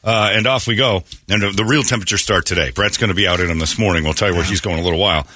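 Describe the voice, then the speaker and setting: A man's voice: deep voice, rapid-fire, bright, forceful tone, dry recording, studio quality. A man hosting a morning radio show, telling a story in a joking, laughing way. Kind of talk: casual radio banter. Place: radio studio.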